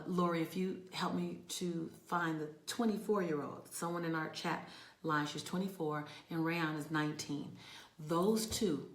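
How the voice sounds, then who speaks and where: A woman talking to viewers on a casual livestream from a rental room, emphatic and warm, sometimes dropping to soft near-whispers. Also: sits low, echoey room. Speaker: motivational speaker hosting a livestream.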